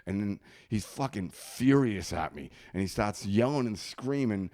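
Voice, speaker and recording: A man's voice: fairly low pitch, lively intonation, measured pace, hardly any pauses, darkish tone. A man telling a long profane story in casual podcast chat, laughing often. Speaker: comedian guest.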